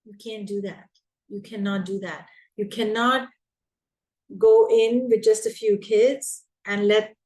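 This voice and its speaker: A woman's voice: medium pitch, darkish tone, poor audio. A woman coaching teachers, speaking emphatically and repeating her key points. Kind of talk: advice talk to teachers.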